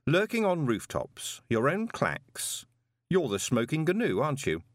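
A man voicing a wary, quick-witted young male swindler with a raised, pleading tone in an audiobook. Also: fairly high pitch, huge pitch swings, no echo, pitched above the performer's own voice.

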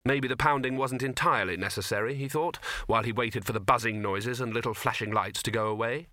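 A man's voice: medium pitch, a little fast, pushed and bright, no echo. A man reading a comic fantasy novel aloud as an audiobook narrator, in a dry, storytelling manner. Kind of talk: scripted narration.

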